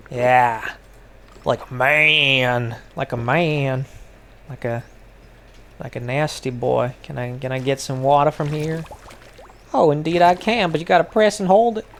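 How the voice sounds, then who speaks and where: A man's voice: a little high, a little hiss or hum. A man giving casual gameplay commentary, rambling and sarcastic, swearing often. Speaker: gaming video creator.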